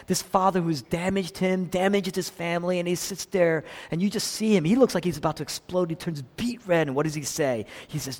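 A man preaching a sermon, acting out quoted voices with big swings between loud and soft. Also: fairly quick, few pauses. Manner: dynamic preaching, acts out quotes with big swings in pitch and volume. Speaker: pastor. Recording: long reverb of a large hall.

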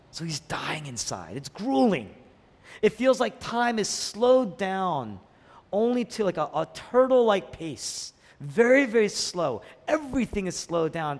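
Male pastor, fairly high voice, lively sermon delivery, long hall reverb. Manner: emphatic, repeats key phrases, swings from hushed to raised.

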